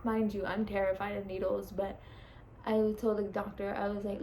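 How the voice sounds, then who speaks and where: A woman's voice: medium pitch, little pitch movement, moderate pace, darkish tone, low-quality recording. A young woman casually telling a personal story, chatty, laughing often and swearing freely. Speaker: vlogger. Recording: faint background noise.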